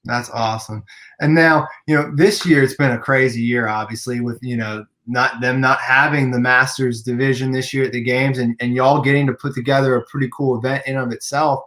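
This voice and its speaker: A male podcast host with a mid-range voice, asking questions in a relaxed, encouraging way. He fills his questions with "you know" and small restarts as he prompts his guest. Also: mid-range voice, a little fast. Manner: friendly, encouraging, uses many fillers. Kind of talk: casual interview.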